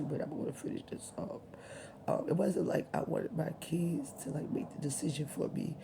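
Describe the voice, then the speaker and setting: A woman vlogger speaking softly and haltingly to her subscribers, holding back tears as she tells a personal story, often dropping near a whisper. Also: sits low, creaky, a little hiss or hum. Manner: soft, halting, often near a whisper, with many pauses and ums.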